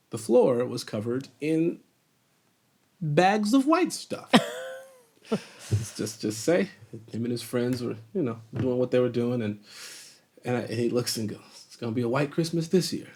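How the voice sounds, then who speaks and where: A man from Chicago, a guest actor, telling stories in a casual interview, laughing often and restarting his sentences. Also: medium pitch. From Chicago, USA. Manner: laughs often, animated storyteller with many restarts.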